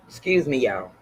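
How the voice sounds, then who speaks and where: A woman's voice: very deep voice, breathy edge. Texan woman hosting a craft livestream, sore throat, chatty and friendly with viewers. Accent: Texas. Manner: chatty, greets viewers warmly by name. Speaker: embroidery livestream host. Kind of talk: casual livestream chat with viewers.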